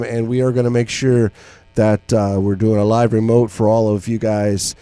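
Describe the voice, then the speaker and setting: A man's voice: on the low side, flat delivery, moderate pace, mellow, clean tone, dry recording. A man hosting a casual radio chat show, talking in a laid-back, easygoing way.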